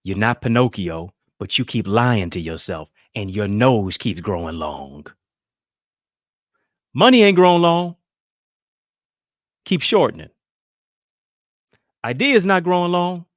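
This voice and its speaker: A motivational speaker, a man, preaches in a sing-song style with pitch swinging widely from line to line. He keeps engaging listeners through quick rhetorical questions, call-and-response, and playful quoted voices, recorded close and dry with no room sound.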